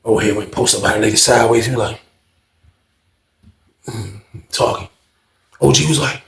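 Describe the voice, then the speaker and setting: Gravelly animated storyteller man. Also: lowish voice, moderate pace, pauses often. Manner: animated, slangy, laughing. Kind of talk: casual storytelling. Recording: roomy echo.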